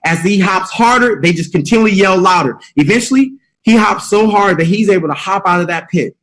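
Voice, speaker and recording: A man's voice: high-pitched, a little fast, fairly bright tone, low-quality recording. A middle-aged man leading a motivational call, preachy and rallying, repeating his key phrases. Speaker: mentorship call leader.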